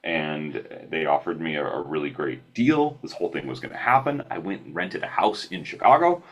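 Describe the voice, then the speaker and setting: A podcast guest with a bass voice, talking at normal speed, shares stories remotely in a relaxed way. He's lively and pokes fun at himself, restarting his thoughts often.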